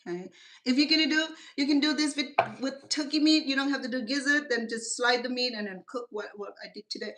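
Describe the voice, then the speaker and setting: A woman's voice: fairly high pitch, a bit bright. A middle-aged woman with a Cambodian accent, a native Khmer speaker, hosting a home cooking channel and rambling through stories in broken English from her kitchen. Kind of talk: casual chatty cooking talk.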